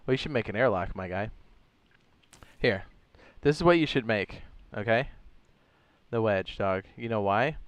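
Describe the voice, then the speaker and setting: A man with a lowish voice speaks at normal speed in a recording with no room sound. Streaming a building game, he keeps things relaxed and rambling, with slangy remarks like "dog" and "my guy" to his viewers.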